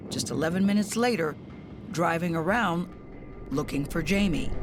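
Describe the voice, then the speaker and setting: Measured woman narrating a news story. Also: on the low side. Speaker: correspondent narrator.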